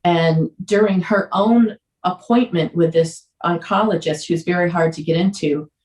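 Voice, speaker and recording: Low-voiced woman telling her story. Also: a little mellow, distant mic. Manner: earnest, emotional, halting at times. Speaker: podcast guest. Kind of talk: candid personal storytelling. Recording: roomy echo.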